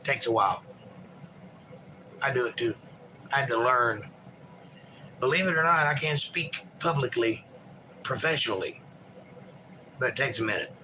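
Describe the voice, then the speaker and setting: A man's voice: medium pitch, animated, moderate pace, long pauses, pushed and bright, slight background noise, poor audio. A man hosting a livestream, reading viewer chat aloud and chatting in a rambling, folksy, joking way.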